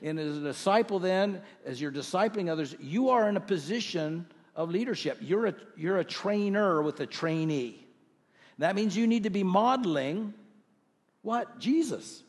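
A middle-aged male pastor preaching a sermon to his congregation, earnest, with rhetorical questions and slow scripture readings. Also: high voice, expressive, slightly rough, long reverb tail. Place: church sanctuary.

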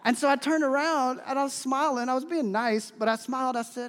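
A man preaching a sermon as pastor, telling stories in an animated, emphatic way. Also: extremely high pitch, fairly quick, hardly any pauses. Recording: long hall reverb.

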